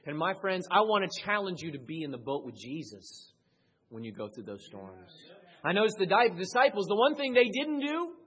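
A man preaching a sermon as pastor, swinging between loud raised peaks and quiet low passages, with a husky voice. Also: huge pitch swings, moderate pace.

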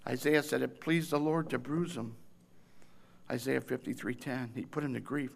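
A man preaching a sermon, with emphatic, repetitive phrasing that swings from shouted intensity to hushed tenderness. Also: medium pitch, fairly even intonation, normal speed, gravelly.

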